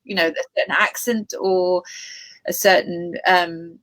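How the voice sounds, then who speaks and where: A woman's voice: lowish voice, steady tone, unhurried, a bit bright. A woman interviewer who thinks aloud, often restarting her sentences. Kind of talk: conversational interview.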